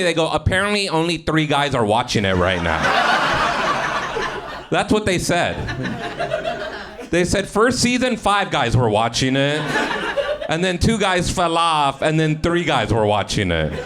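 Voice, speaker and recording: A man's voice: a little high, animated, measured pace. A man doing improvised stand-up on a comedy club stage, swearing a lot and laughing at his own jokes. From Mexican-American. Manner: profane, laughing, self-mocking banter with the crowd. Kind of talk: improvised stand-up from audience suggestions. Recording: live stage recording with noise.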